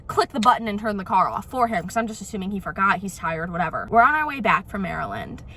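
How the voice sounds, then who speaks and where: A young woman vlogging casually into her phone, telling animated stories about her dad with lots of "literally" and "like". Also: mid-range voice, fast talker. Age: young adult. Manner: animated, chatty storytelling with frequent "literally" and "like". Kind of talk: casual ranting vlog.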